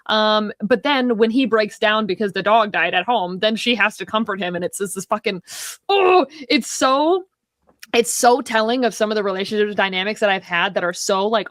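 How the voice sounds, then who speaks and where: A woman's voice: mid-range voice, a bit bright, no room sound. Heated rambling woman, dry close sound. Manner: heated, rambling, swears often. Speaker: podcast co-host. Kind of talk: casual film discussion.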